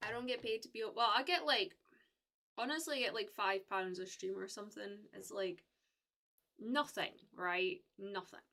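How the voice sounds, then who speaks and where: Bright-voiced woman chatting on a live stream. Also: mid-range voice, normal speed, gravelly. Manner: chatty, rambling, lots of fillers and restarts. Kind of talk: casual chat to stream viewers.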